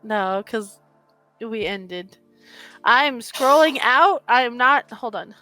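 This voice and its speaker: Woman player, fairly high voice, casual in-character tabletop chat, faint music underneath. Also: animated, slow pace, pushed and bright, low-quality recording. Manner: casual, describes actions then speaks in character.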